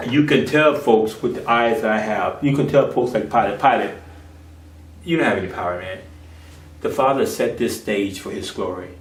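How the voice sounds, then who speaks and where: A man's voice: medium pitch, distant mic. Impassioned preacher man, echoey. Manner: impassioned, swinging between loud and hushed. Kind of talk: sermon. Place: home office.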